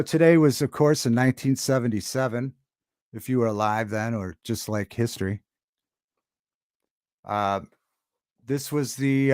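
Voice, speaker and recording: A man chats loosely on his own livestream. He starts sentences over and drifts between topics. His voice sits at a middle pitch and sounds close and dry, with no room around it. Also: no echo. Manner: rambling, halting, with many restarts and chat shout-outs. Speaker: livestream host. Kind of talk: casual livestream chat with viewers.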